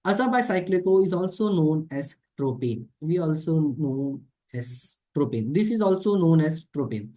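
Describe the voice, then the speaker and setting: A woman's voice: sits low, animated, normal speed, hardly any pauses, mellow. A woman with an Indian accent teaching an exam-prep lecture, switching between English and Hindi and repeating key points. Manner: repeats key points, explains while drawing structures.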